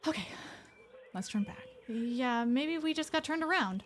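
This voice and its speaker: This horror game streamer has a high, slightly bright voice with lively intonation and a measured pace, plus slight background noise. She chats casually through her let's-play, swearing heavily and rambling off on asides.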